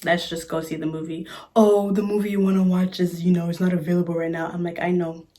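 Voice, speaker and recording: A woman's voice: lowish voice, little pitch movement, quick pace, warm tone. Sassy woman telling a storytime vlog. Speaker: vlogger. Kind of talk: casual storytime chat. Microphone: phone camera.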